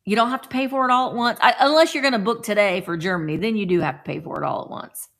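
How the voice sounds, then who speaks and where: A woman's voice: mid-range voice, rapid-fire, a bit bright. A woman hosting a live vintage sale, chatting casually with playful, rambling asides. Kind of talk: casual live-stream selling chat.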